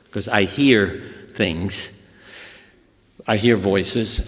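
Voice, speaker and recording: An older American man giving a talk to an audience, telling stories in an animated, anecdotal way. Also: low voice. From USA. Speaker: guest speaker. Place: hospital auditorium. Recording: echoey hall reverb.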